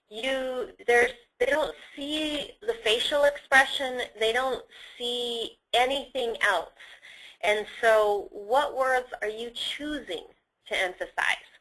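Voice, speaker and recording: In a low-quality recording, a woman with a fairly high, bright voice and a forceful tone teaches sales staff how to use tone and emphasis on phone calls. She is instructive and shows the emphasis on sample sentences.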